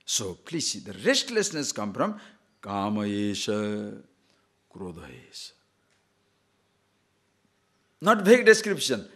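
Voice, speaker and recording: Here a spiritual teacher speaks in a gravelly, medium-pitched voice at a measured pace, pausing often. His talk is lively and repetitive, with jokes, chuckles, brief stories, repeated phrases, and questions aimed at listeners.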